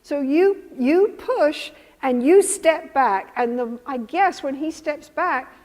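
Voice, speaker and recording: A woman's voice: high-pitched, slow pace, a little mellow. A woman therapist giving a workshop lecture, animatedly acting out both partners in a couple's session. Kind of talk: teaching lecture with re-enacted session dialogue. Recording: reverberant hall.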